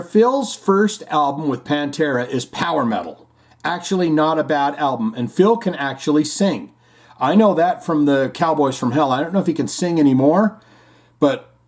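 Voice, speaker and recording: A man's voice: fairly high pitch, a little mellow. A man hosting a casual music podcast, rambling and joking as he reads out listener comments. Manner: rambling, jokey, puts on silly voices for punchlines. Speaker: podcast host.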